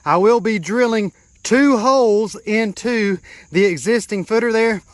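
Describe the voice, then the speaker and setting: Speaking a little slowly in a high-pitched voice, a DIY vlogger guides viewers through his backyard project one step at a time. His talk is casual and hands-on, he points things out as he goes, and he's occasionally winded. The recording is dry.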